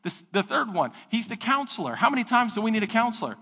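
A man preaching a sermon as pastor, lively and animated, breaking into high voices when he quotes people and God. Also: fast, gravelly, husky. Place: church sanctuary. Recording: church hall with long reverb.

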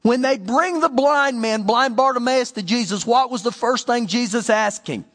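High-voiced, lively male preacher. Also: a little slow, few pauses, big-room sound. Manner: animated preaching, acts out the voices in stories and scripture. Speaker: pastor. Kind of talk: sermon.

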